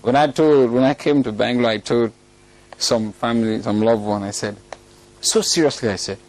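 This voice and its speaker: A man's voice: medium pitch, moderate pace, darkish tone. A man preaching a sermon, telling a story and breaking into laughter at it now and then. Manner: storytelling, laughs often at his own story.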